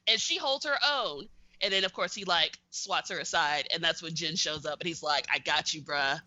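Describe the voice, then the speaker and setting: A young woman co-hosting a podcast, telling a story in an animated, excitable way in casual chat. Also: sits low, moderate pace, highs cut off. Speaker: podcast co-host.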